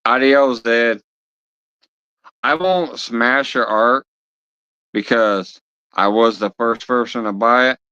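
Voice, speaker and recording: A man's voice: mid-range voice, slow pace, long pauses, pushed and bright, smooth, lo-fi sound. A man hosting a live stream who talks to his viewers bluntly and swears heavily as he scolds them. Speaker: livestream host of a fishing channel.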